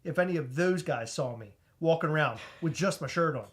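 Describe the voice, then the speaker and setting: A man co-hosting a podcast, telling a comedic story in an animated, excitable way, stumbling over restarts and shouting out retold lines. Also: on the high side, a little fast. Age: adult with a child. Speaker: podcast co-host.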